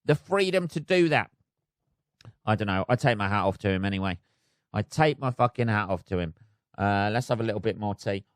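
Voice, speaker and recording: A man's voice: on the low side, animated, brisk, dry recording, studio quality. A British man hosting a solo podcast, reading out news stories with sweary, sarcastic commentary. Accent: British English. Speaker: podcast host.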